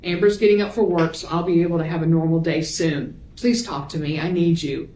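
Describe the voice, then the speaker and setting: Lower-voiced woman reading evidence in court. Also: steady tone, fairly quick, dark tone, a little hiss or hum. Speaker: prosecutor. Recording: echoey courtroom audio.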